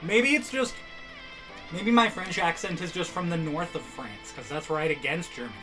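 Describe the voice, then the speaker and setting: A woman's voice: on the low side, moderate pace, over music. A woman co-hosting an art stream in casual chat, joking in a dry, self-deprecating way.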